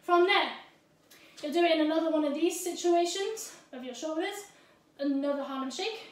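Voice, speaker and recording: A woman's voice: high-pitched, normal speed. A woman teaching a dance routine, scatting the rhythm in syllables and checking in with "yeah?" and a little out of breath. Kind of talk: dance tutorial with counting and rhythm vocalizing. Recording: echoey room, voice from a distance.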